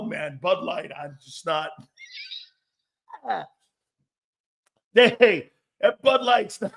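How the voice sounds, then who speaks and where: A man's voice: sits high, a bit bright. A man hosting a sports talk show, rambling and joking with frequent laughs, blunt and a bit profane.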